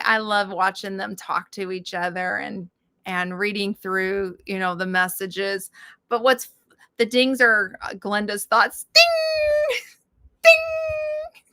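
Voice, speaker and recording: A middle-aged woman chatting slowly and casually on a livestream. Her voice is bright and sharp, and she rambles, restarts and laughs often. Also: medium pitch, clear, resonant tone. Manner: rambling with many fillers and restarts. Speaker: livestream host.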